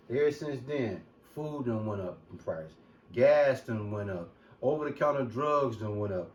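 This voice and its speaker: A man's voice: mid-range voice, animated, moderate pace, a little mellow, a little hiss or hum. A man hosting a group talk, preaching loosely with slang and profanity. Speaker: host. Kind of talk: street talk commentary with scripture. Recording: roomy echo from a distant mic.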